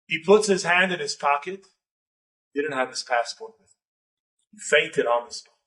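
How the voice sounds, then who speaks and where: High, bright-voiced rabbi telling a story. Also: male voice, normal speed, long pauses, distant mic. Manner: animated, building dramatic tension. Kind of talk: storytelling lecture.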